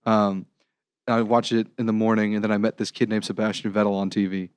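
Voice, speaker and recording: A man's voice: on the low side, flat delivery, clean tone, no room sound. Joking American man co-hosting. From United States. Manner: joking, teasing, quick quips. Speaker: podcast co-host. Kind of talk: casual podcast banter.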